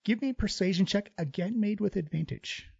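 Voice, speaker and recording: A man's voice: sits high, brisk, creaky, a little mellow, husky, muffled recording. A man narrating a tabletop game as game master in a loose, filler-heavy way.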